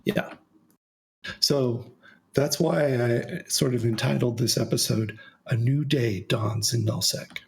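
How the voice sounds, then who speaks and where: A man with a gravelly, creaky edge to his mid-pitched voice hosts a relaxed podcast. He talks in a loose, storytelling way, full of "uh" and restarts. His tone stays conversational throughout. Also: takes it slowly. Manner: relaxed storytelling with frequent fillers. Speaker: podcast host. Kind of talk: casual podcast chat.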